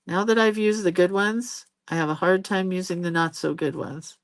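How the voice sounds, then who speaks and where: A woman's voice: lowish voice, steady tone, normal speed, few pauses, no echo. A woman in her sixties hosting a live drawing stream, chatting casually as she paints. She laughs often and jumps between stories and viewer comments.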